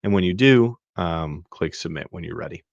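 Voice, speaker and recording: Relaxed and casual, this podcast host has a very low, gravelly voice and a moderate pace as he rambles loosely through a web tool during a screen-share, full of fillers and restarts. The audio is dry and slightly dull with no echo, like a plain home setup.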